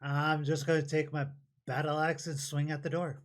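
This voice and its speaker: A man's voice: a little high, little pitch movement, moderate pace. Eager, jokey man playing a tabletop game. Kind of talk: casual chat.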